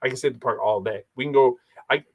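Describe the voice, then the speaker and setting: A man's voice: mid-range voice, quick pace, vocal fry. A man co-hosting a podcast, chatting casually and animatedly, telling stories with quoted voices. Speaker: podcast co-host. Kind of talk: casual chat.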